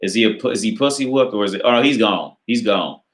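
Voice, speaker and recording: On his dating advice channel, an American host reads viewer questions during a casual live Q&A, speaking a little fast in a low voice. The sound is roomy, and his answers wander, swear freely, and brim with fillers.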